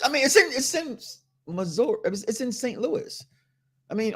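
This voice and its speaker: A high-pitched man from Chicago in the US Midwest hosts a podcast, chatting casually on a wrestling talk show. He's animated and full of jokes, forever checking in with "okay?"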